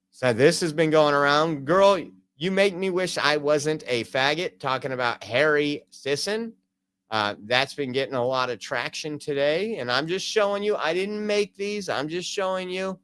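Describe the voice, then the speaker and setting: A man's voice: on the high side, bright, forceful tone, clean tone. A man hosting a casual live stream from home, talking loosely with many fillers. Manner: rambling, many fillers, reads out jokes. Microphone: home streaming computer.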